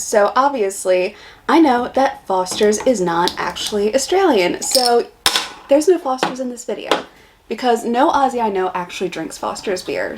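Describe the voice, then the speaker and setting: A woman's voice: medium pitch, vocal fry. A young American woman vlogging a casual beer taste test, chatty and blunt in her reactions. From United States.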